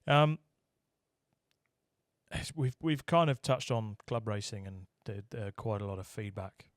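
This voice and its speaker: Low-voiced podcast co-host. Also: male voice, expressive, a little slow, no room sound, studio quality. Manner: short backchannel replies, asks questions. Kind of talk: casual chat.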